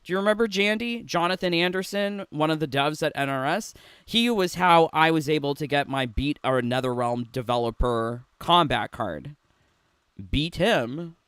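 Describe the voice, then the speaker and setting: A man's voice: on the high side, moderate pace, a bit bright, smooth, no echo. A man ranting in a sarcastic, rambling, giggly way from his home in a casual gaming vlog. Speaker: gaming YouTuber. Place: home room.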